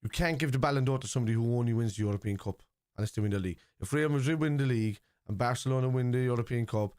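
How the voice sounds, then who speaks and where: A man's voice: medium pitch, very fast, darkish tone, dry recording, clean studio sound. Blunt Irish man streaming live. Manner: blunt and opinionated, swears freely. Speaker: livestream host reacting to a football match. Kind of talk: casual live watchalong chat, reading out viewer messages.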